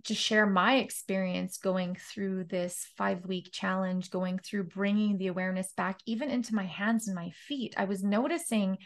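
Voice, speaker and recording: A woman's voice: mid-range voice, moderate pace, hardly any pauses. A woman hosting a casual interview, sharing reflections in a heartfelt way and laughing often. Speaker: interview host.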